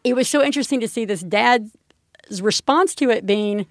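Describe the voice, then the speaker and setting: A woman's voice: on the high side, normal speed, dry recording, studio quality. Chatty laughing woman podcast host. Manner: chatty, laughs often, self-interrupting. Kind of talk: casual chat.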